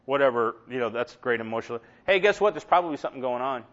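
A middle-aged male preacher delivers a conversational sermon, funny and animated and full of asides. His pitch is medium and his pace fast, and the audio sounds dull.

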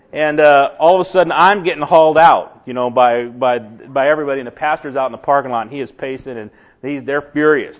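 Lively middle-aged man telling a church story. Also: mid-range voice, highs cut off. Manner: lively storyteller, self-deprecating, animated. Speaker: church member giving testimony. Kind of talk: humorous personal testimony to a congregation.

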